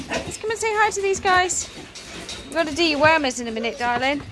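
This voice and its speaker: High, sing-song woman coaxing puppies. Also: lively intonation, brisk. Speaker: dog breeder. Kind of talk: talking to puppies while handling them. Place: kennel yard and office with puppies.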